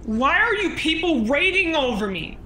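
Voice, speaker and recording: A woman with a high, bright, edgy voice snaps back at trolls on her stream. Her audio carries a faint background hiss. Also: sing-song, moderate pace. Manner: defensive, snapping back. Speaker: streamer being raided. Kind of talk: angry live stream rant.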